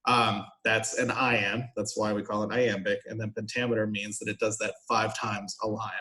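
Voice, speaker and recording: A man's voice: fairly low pitch, level tone, normal speed, bright, forceful tone. A man teaching a college poetry class in an informal recorded lecture, explaining patiently with frequent "um"s and "right?" asides. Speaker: college instructor.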